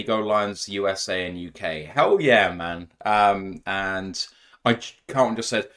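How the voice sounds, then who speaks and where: A man's voice: sits low, lively intonation, measured pace, fairly bright tone. A young man hosting a casual podcast, chatting and joking about himself with frequent laughs. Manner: laughing, self-deprecating banter. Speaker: podcast host. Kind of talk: casual live podcast chat.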